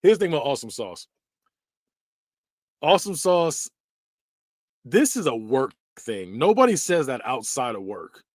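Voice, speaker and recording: Animated man, lively casual commentary. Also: mid-range voice, fairly quick, few pauses, dry recording, studio quality. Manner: animated, laughs often, repeats phrases in mock voices; slangy, blunt. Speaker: podcast host. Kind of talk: casual tier-list commentary.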